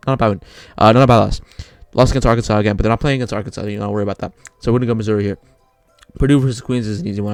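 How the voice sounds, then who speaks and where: A man's voice: lowish voice, dry recording. A young man casually talking through his bracket picks, rambling and often correcting himself. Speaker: sports video creator.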